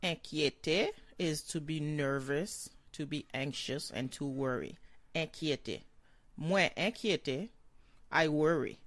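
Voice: medium pitch, slow, fairly bright tone, no echo. A language teacher giving a short vocabulary lesson, saying each word several times and then translating it.

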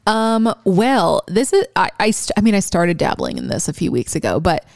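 A woman's voice: on the low side, very animated, moderate pace, creaky, a little mellow, no room sound, studio quality. A young woman co-hosting a podcast in casual chat, enthusiastic, swearing freely and laughing often. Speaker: podcast co-host.

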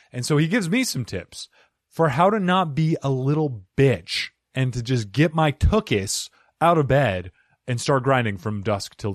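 A man's voice: medium pitch, no echo, clean studio sound. A man hosting a comedy podcast, opening the show with a playful, goofy monologue. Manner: playful and goofy, swinging his voice up and down for jokes. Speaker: podcast host. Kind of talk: comedic solo podcast intro.

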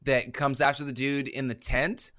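A man's voice: medium pitch, flat delivery, moderate pace, a bit bright. A man co-hosting a casual movie podcast, playful and wry, sometimes drawing out his words. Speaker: podcast co-host. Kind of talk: casual movie review chat.

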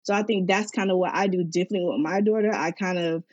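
A woman's voice: fairly low pitch, steady tone, fast talker, a little mellow, dry recording, dull audio. A young woman telling her personal story in a candid, reflective way, speaking earnestly with casual fillers. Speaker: interviewee sharing her story.

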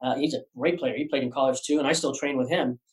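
A man's voice: mid-range voice, fairly even intonation, fast talker. A man telling a long story as an artist guest on a podcast, rambling with many fillers and restarts. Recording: roomy echo.

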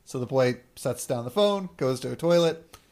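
A man's voice: mid-range voice, animated, moderate pace, darkish tone. A man hosting a podcast, casually recapping an episode in a chatty storytelling way and laughing often. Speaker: podcast host.

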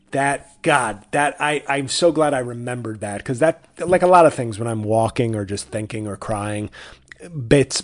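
A man with a medium-pitched, somewhat dark voice hosts a podcast. His comedic monologue is casual and rambling, and he keeps cutting himself off and starting over.

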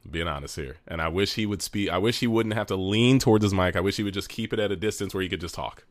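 Co-hosting a casual podcast over a remote call, a man talks into his own mic with a deep voice and quick pace, and there's no echo. His chat rambles, full of restarts and laughter.

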